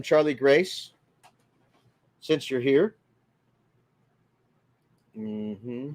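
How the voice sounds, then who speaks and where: A man chats on a relaxed livestream from inside his RV. He talks at a middle pitch and greets his viewers one by one by name. His manner stays friendly and chatty. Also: moderate pace. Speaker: livestream host. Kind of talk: casual livestream chat reading comments.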